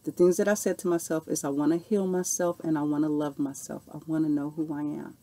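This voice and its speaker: Earnest woman in her forties, lower voice. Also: a little fast. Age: 40s. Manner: earnest, animated storytelling with repeated "okay" and "you know". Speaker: spiritual vlogger answering viewer questions. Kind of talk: casual Q&A monologue.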